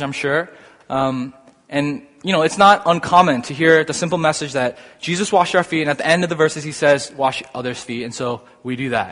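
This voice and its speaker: A man delivers a sermon, working through scripture with animated, rising emphasis. His voice sits fairly high, and a long reverb trails behind it in a hall. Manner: animated, builds to excited emphasis. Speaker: preacher.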